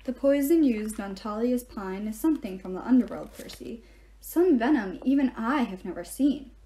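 A woman's voice: fairly high pitch, moderate pace, natural voice. A woman reading as a kindly, grave old centaur mentor. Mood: grave, gentle. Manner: calm, gentle and grave. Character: kindly, weary old male centaur teacher. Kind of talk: reading aloud.

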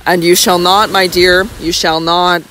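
A woman voices a doting older baronet in an audiobook. He sounds fond, reassuring and warmly indulgent, and he blusters when he is troubled. A faint hiss sits under the reading. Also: fairly low pitch, little pitch movement, measured pace, poor audio.

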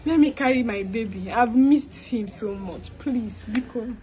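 A young Nigerian woman with an Igbo-inflected accent, performing a comedic skit monologue. Her voice sits fairly high, and she begs and pleads over and over, mixing English with Igbo. A faint hum of ambience sits behind her. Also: unhurried, warm tone. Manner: pleading, begging, repeating herself.

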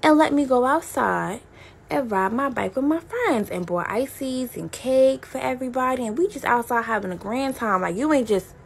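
A woman vlogger telling a childhood story in a casual, animated way, talking straight to her viewers. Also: high voice, moderate pace, creaky, a little hiss or hum. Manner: animated, chatty, addresses viewers directly.

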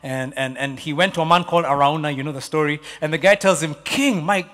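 Male pastor from Kenya, fairly high voice, preaching in a big echoing church hall, hushed one moment and loud the next. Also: fast talker. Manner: swings from hushed asides to loud exhortation. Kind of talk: sermon. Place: church auditorium. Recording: long reverb of a church hall.

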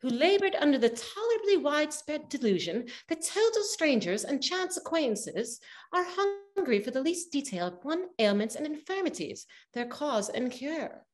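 A woman's voice: high-pitched, big pitch swings, moderate pace, few pauses. A woman narrating a spooky story in a stage reading, with dramatic storytelling.

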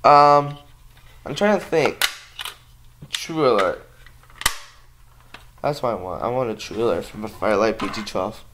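A man's voice: fairly low pitch, a little slow, long pauses, noisy background. A man chatting casually to his viewers in a home vlog, rambling and sleepy, with lots of ums and restarts. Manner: sleepy, yawning. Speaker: vlogger.

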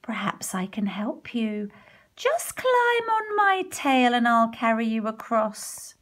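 A sly, smirking fox, as a woman reading a storybook plays him offers help in a smooth, coaxing voice. He speaks slowly and sweetly, with a crafty edge. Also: a little high, big pitch swings, a bit bright, heavily acted.

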